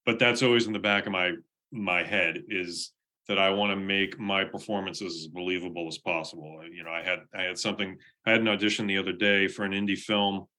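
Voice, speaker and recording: Man, guest actor, lower voice with a forceful edge, earnest storyteller. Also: fairly even intonation, fairly quick. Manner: earnest, frequent restarts, laughs often; reflective storytelling. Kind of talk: casual conversational interview.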